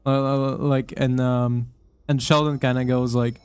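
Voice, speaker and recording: A man's voice: medium pitch, level tone, unhurried, darkish tone, clear, resonant tone. Rambling, profane young man gaming. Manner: rambling, profane, many fillers and restarts. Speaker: gamer commenting while playing. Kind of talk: casual gaming commentary. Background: faint game music.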